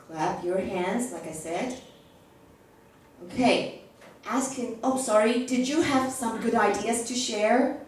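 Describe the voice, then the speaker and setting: A woman's slightly high voice moves at a slow pace as she trains teachers in a workshop, acting out phrases for the classroom and often checking "okay?". The sound comes from far away in a large, echoey classroom.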